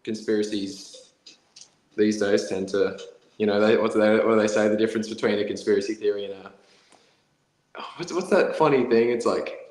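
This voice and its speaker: A man's voice: lowish voice, fairly quick, long pauses, a little mellow. A man co-hosting a podcast, musing and thinking aloud in casual political chat. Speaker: podcast co-host. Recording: echoey room.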